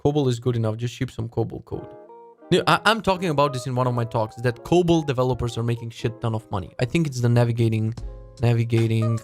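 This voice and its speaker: A man's voice: medium pitch, fast, soft background music. A man hosting a casual live stream about web development, ranting in a sarcastic, profane way and reacting to chat. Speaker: livestream host.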